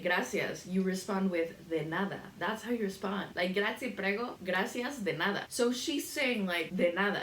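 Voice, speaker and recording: A woman's voice: mid-range voice, a little hiss or hum. A woman hosting a cooking video, gossiping bluntly and swearing freely as she cooks in her home kitchen. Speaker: cooking channel host. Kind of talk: casual rant while cooking. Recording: roomy kitchen echo.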